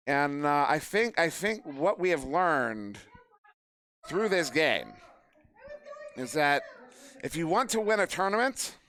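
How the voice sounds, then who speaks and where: With a fairly high, smooth, slightly bright voice and no room sound, a man commentates a live esports match at an event venue. He calls the plays and, in between, chats casually and jokes with people in the room.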